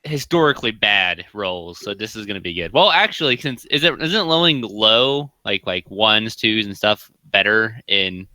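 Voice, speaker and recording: A man's voice: lowish voice, moderate pace, hardly any pauses, sharp tone, no echo. A man playing a tabletop game, joking and bantering casually with the group. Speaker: player.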